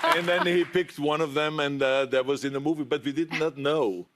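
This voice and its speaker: A man's voice: a little high, fairly quick, over a noisy crowd, heavy background noise. A man with a German accent, a talk show guest, chatting and laughing through anecdotes in a TV studio. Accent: German-accented English. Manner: chatty, laughs while telling anecdotes, repeats words. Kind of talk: casual talk show storytelling.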